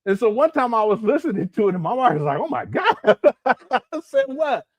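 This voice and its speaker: A man's voice: high voice, sing-song, moderate pace, no echo. A man hosting a livestream and chatting casually with viewers, rambling, giggling often and breaking into bits of song. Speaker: livestream host. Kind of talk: casual live-chat commentary.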